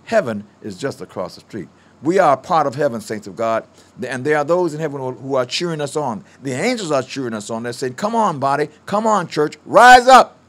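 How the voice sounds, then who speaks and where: An older man preaching a fervent radio sermon, swinging from loud declarations down to quiet storytelling. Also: a little high. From United States.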